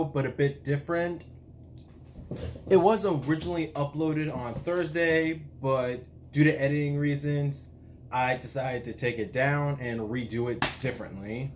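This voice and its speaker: Male YouTube reviewer, unhurried and hesitant, average pitch, light background noise. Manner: slow, halting, frequent restarts. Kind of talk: casual spoken review.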